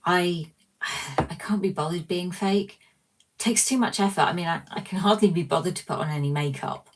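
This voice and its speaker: A chatty woman hosts a relaxed livestream, reading out viewer comments and poking fun at herself as she rambles on. Her voice sits low for a woman. She sounds a little distant from the mic in a small room. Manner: chatty, rambling and self-mocking. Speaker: livestream host.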